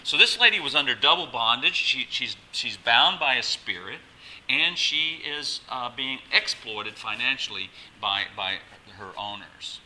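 A man's voice: mid-range voice, expressive, unhurried, pushed and bright, poor audio. A male pastor preaching a sermon, emphatic and exhorting, often restarting his phrases.

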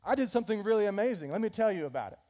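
A man voicing an anxious male servant who pleads and brags about his good deeds, in a higher, lively tone. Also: normal speed. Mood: boastful. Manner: whiny, pleading, bragging. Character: anxious, self-pitying boastful male servant.

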